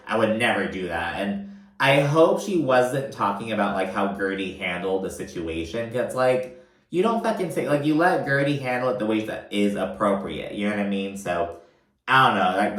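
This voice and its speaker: A man's voice: lowish voice, a bit bright. Profane gossipy man recapping reality TV. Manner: profane, gossipy, acts out quotes in voices. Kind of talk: casual recap commentary. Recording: echoey room.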